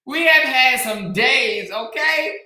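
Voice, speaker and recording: A woman host reads viewer comments in a casual livestream chat, breaking into laughter again and again. Her high-pitched, expressive voice is very bright and sharp, slow overall but with loud playful bursts, and a roomy echo rings through the room.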